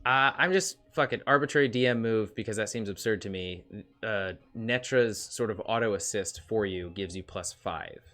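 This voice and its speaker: Bright-voiced joking male game master. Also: on the low side, moderate pace. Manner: laughing, loose and joking, swears casually. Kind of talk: running a tabletop game, casual.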